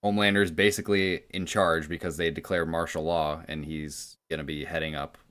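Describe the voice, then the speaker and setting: Co-host, very deep male voice, loose rambling recaps. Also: flat delivery, fairly quick, fairly bright tone. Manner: rambling, filler-heavy recaps. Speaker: podcast co-host. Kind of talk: casual podcast chat.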